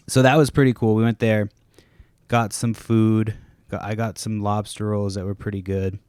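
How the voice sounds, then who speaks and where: A man's voice: fairly low pitch, fairly even intonation, unhurried, pauses often, darkish tone, clear, resonant tone, dry recording, clean studio sound. A man hosting a casual solo podcast from home, rambling, swearing often and stopping mid-sentence to restart. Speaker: podcast host. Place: home, kids nearby.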